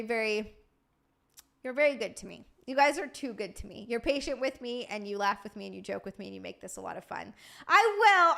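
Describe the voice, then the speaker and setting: Bright-voiced woman streamer, high and chatty. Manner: scattered and effusive, rambling thank-yous. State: sleep-deprived. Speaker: livestream host. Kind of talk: casual stream sign-off chat.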